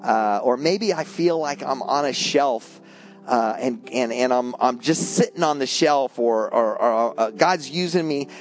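A man's voice: mid-range voice, unhurried, faint music behind. A man preaching a sermon as a pastor, telling a story earnestly and often repeating words as he goes.

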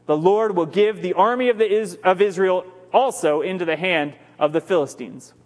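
Brief: man reading a grim old prophet's ghost; slow, grave, reverberant hall. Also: sits high, darkish tone, pitched below the performer's own voice, natural voice. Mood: solemn.

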